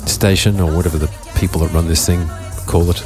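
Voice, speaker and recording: An Australian man hosting a radio show in a studio, chatting casually with a croaky voice and a rambling, offhand manner. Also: low-pitched, fairly even intonation, fairly quick, over music. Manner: rambling, offhand, self-mocking. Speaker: radio DJ host.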